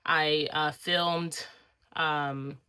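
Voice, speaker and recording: A woman's voice: deep voice, steady tone, drawn-out words, pushed and bright, clean tone, no room sound. A woman vlogger talking casually to her camera, chatty and rambling with frequent fillers. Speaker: crafting vlogger. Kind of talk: casual vlog chat.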